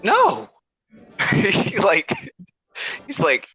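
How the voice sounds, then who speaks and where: Flustered player guy, stammers a lot, bright sharp voice, faint music behind. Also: mid-range voice, expressive, measured pace, low-quality recording. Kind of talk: tabletop role-play.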